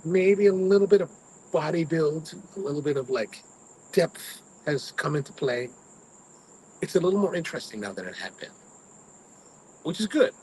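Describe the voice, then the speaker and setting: A man's voice: a little high, expressive, normal speed, long pauses, warm tone, slight background noise, poor audio. A man hosting a cigar review, chatting casually to live viewers and rambling through personal stories. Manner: rambling storyteller, mimics his own grumbling.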